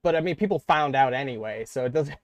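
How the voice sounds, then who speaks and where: A man's voice: mid-range voice, animated, fast, dry recording. A man chatting on a podcast, rambling and swearing casually. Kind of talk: casual chat.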